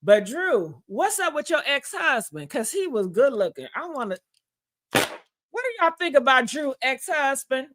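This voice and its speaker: Sassy high bright-voiced woman gossiping. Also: very animated, a little slow. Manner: sassy, messy, laughs at herself, talks to viewers. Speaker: host. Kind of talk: casual celebrity gossip livestream.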